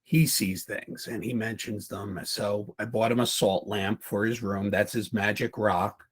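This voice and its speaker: Male host in his thirties, relaxed chat, affirming the guest. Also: on the low side, measured pace, husky. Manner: supportive, brief affirmations. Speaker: podcast host. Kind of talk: casual interview chat.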